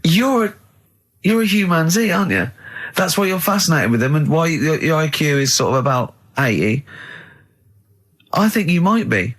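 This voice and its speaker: A man, hosting a radio show with teasing, animated banter and long stories. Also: on the high side, moderate pace, long pauses. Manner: teasing, mocking, animated storyteller. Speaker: radio host. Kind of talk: casual studio banter. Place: radio studio.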